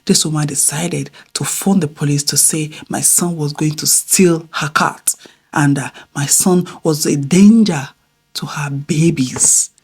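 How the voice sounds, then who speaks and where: Woman vlogger, middle-aged, low husky voice, chatty storyteller who swings from loud to hushed. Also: measured pace. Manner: animated, swings between loud exclamations and hushed near-whispers. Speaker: vlogger telling a family story. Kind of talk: casual storytelling to camera.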